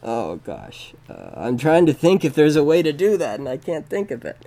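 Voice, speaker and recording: A man's voice: a little high, wildly swooping pitch, normal speed, vocal fry, dark tone. A man hosting a casual interview over a call, joking and self-mocking, recorded on a handheld recorder mic. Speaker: podcast host. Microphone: handheld recorder mic, remote call.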